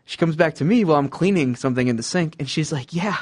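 A man's voice: a little high, animated, fast, darkish tone, no room sound, clean studio sound. A young man giving casual advice about customer service jobs, rambling with many fillers and acting out quoted customers and bosses. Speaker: podcast host giving job advice. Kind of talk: casual monologue.

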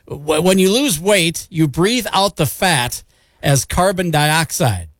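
A man's voice: fairly high pitch, lively intonation, takes it slowly, a bit bright, no room sound. A male radio DJ with an upbeat, chatty manner, reading fun facts and the weather. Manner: upbeat, chatty, jokes at his own slips. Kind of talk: morning radio patter and weather read.

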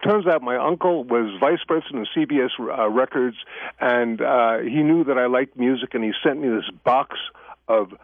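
A man appears as a guest on a radio talk show, chatting through stories and laughing easily in a casual interview. His voice is medium-pitched at a normal speed. The audio is a dry, tinny phone line with no room sound.

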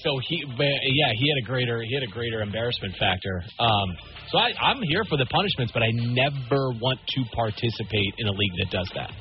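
A man's voice: medium pitch, animated, a little fast, lo-fi sound, over music. A man co-hosting a radio show, chatting casually with rambling asides. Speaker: radio co-host.

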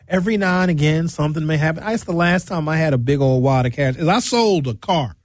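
A man's voice: a little high, expressive, brisk, darkish tone, no room sound. Bawdy middle-aged man hosting a radio show. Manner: loose, bawdy, storytelling with acted-out voices. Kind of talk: comedic monologue.

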